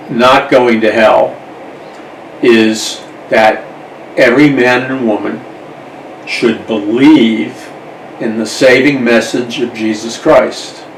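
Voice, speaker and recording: A man's voice: medium pitch, creaky, reverberant, recorded from a distance, slight background noise, poor audio. A man, a minister hosting a radio talk show, preaching earnestly and repeating key phrases for emphasis.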